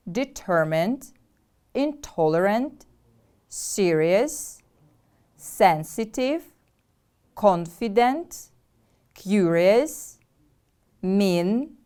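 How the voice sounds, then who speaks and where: A woman teacher from Kyrgyzstan with a Kyrgyz accent, giving a deliberate English vocabulary lesson and having pupils repeat words after her. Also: mid-range voice, a little mellow, smooth. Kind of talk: slow, clear classroom instruction.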